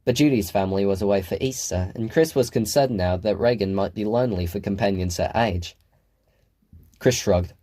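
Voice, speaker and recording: A man reading a novel aloud as an audiobook narrator, in a measured storytelling manner. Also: on the low side, warm tone. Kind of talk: scripted narration.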